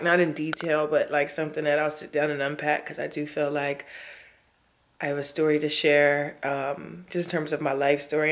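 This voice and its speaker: A worn-out woman talking casually to her camera in a chatty, emphatic way, often speaking straight to her viewers. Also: deep voice. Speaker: vlogger.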